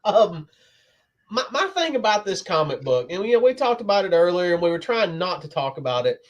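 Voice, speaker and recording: A man's voice: high-pitched, very animated, a little fast, dull audio. A man co-hosting a comic book podcast, telling stories in a laid-back way. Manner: storytelling, laid-back with laughs. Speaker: podcast co-host. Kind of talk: casual comic book chat.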